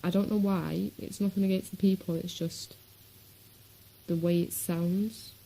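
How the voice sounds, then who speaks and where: A woman's voice: lowish voice, steady tone, a little slow, creaky, dark tone, slight background noise, low-quality recording. A woman from Manchester with a Manchester accent, chatting casually in a rambling vlog with lots of ums. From Manchester, England. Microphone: webcam.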